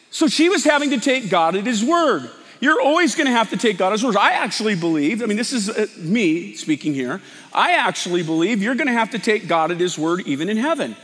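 High-pitched guy preaching a sermon, chatty and emphatic, big echoey hall. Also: sing-song, fairly quick, fairly bright tone. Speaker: pastor.

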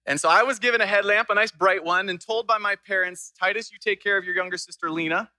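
A young man preaches with a high, very bright voice. He tells stories with lively energy and acts out the people he quotes. The sound is close and dry. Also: quick pace, hardly any pauses, no echo, rough recording. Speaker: pastor. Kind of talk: sermon.

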